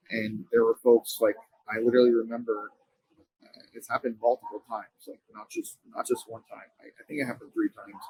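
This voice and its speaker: A man, a company co-founder, speaking as an interview guest and telling a personal story in an earnest, halting way with frequent restarts. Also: lowish voice, breathy edge, no room sound, poor audio.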